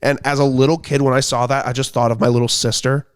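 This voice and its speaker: Casting: young male podcast host, relaxed and rambling, easy laugher, conversational. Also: medium pitch, fast talker, clean tone. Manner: laid-back, rambling storyteller who laughs easily. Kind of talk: casual chat.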